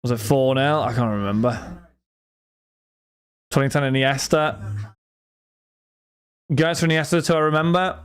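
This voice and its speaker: A man's voice: medium pitch, fairly even intonation, unhurried, long pauses, clear, resonant tone. A young man chatting casually with his live stream chat while opening cards, rambling and talking to friends. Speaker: card break streamer.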